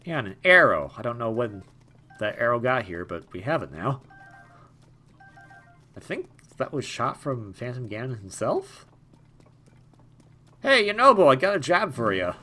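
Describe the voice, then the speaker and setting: A man's voice: medium pitch, sing-song, moderate pace, pauses often, bright, forceful tone, soft background music. A young man giving casual, jokey let's-play commentary, rambling and stammering over repeated words. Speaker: gaming YouTuber.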